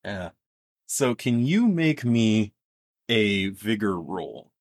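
A man's voice: on the low side, very animated, takes it slowly, no room sound, studio quality. A man narrating as game master in a tabletop game, with vivid, descriptive narration.

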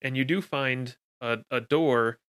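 Game master, male, crisp bright tone, casual scene narration. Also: medium pitch, a little slow. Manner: casual, descriptive, with fillers.

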